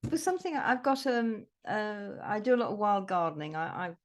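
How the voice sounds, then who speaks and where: A woman guest, a psychotherapist, chatting casually in an interview and telling animated stories with laughs and mild swearing. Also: medium pitch, a little fast. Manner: animated storyteller, acts out voices, laughs and swears.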